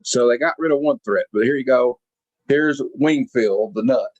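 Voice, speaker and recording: A man's voice: medium pitch, normal speed. Man casually retelling a comic, lo-fi. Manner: retells the plot loosely, adds sound effects and asides. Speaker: podcast host reviewing a comic. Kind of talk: casual chat. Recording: dull lo-fi, dry.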